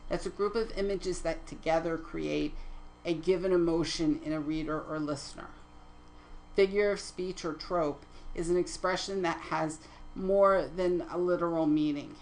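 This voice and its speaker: Low, gravelly-voiced woman teaching poetry terms. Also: slight background noise, rough recording. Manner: methodical, reads definitions aloud, self-corrects slips. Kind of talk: slide lecture on poetry terms.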